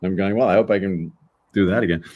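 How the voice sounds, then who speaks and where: Deep-voiced older man telling stories. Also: quick pace, dry recording, dull audio. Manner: animated storyteller who acts out voices. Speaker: voice actor guest. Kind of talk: casual interview storytelling.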